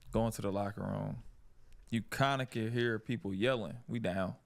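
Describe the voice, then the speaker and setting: A man who played pro basketball, telling a locker-room story in a loose, animated and profane podcast way. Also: on the low side, normal speed, gravelly.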